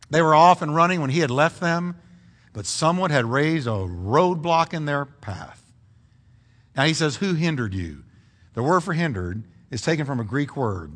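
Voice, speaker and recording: Animated preaching man in a reverberant hall. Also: on the high side. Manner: animated preaching with rhetorical questions to the congregation. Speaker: pastor. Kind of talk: sermon. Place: church sanctuary.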